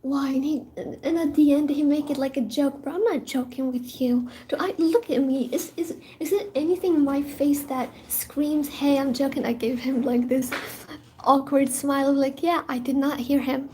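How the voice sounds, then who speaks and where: A young woman with a high, mellow voice tells a rambling storytime in English that is not her first language. She is animated and chatty and slips into whispers now and then, with a faint hiss behind her. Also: normal speed. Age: young adult. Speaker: university student vlogger. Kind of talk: casual storytime chat.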